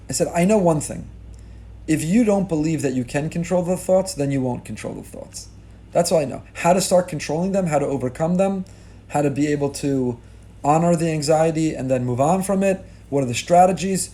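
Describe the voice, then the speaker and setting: A middle-aged rabbi giving a sermon with rising emphasis, mixing in Hebrew and Yiddish religious terms. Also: male voice, fairly high pitch, warm tone. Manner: impassioned, rising emphasis on key lines.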